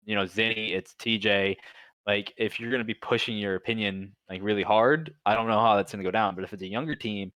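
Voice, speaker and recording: Young male co-host, low voice, dry close sound, stumbling and repeating words. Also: brisk, fairly bright tone, no room sound. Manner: hesitant, repeats words, lots of "like". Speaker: podcast co-host. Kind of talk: casual esports talk show chat.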